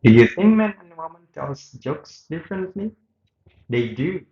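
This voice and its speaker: Guy reading an interview script out loud, stumbles a bit, echoey room, kinda muffled. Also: a little high, very animated, a little slow. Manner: reads a script aloud with small slips and restarts. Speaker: student reading both sides of a radio interview. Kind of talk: read-aloud interview reenactment.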